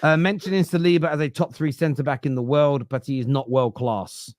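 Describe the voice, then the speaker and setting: A man's voice: a little high, fairly even intonation, a little fast, a little mellow, no room sound, clean studio sound. A man with a Southern English accent hosting a football podcast, arguing his points at length in casual debate. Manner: argumentative, explains at length.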